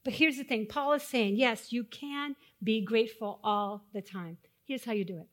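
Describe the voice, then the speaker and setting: A woman pastor giving a sermon, asking the congregation questions and dropping to hushed, solemn tones when telling stories of loss. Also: a little high, normal speed. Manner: dynamic, swings from loud rhetorical questions to hushed solemn tones.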